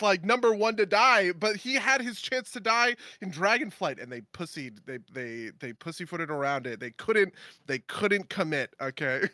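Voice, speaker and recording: A man co-hosting a casual gaming podcast in a bright, forceful voice that sits a little high. He talks in an animated way, laughing often and tossing in playful asides. The sound is dry and close. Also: no room sound. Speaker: podcast co-host. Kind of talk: casual chat about video games.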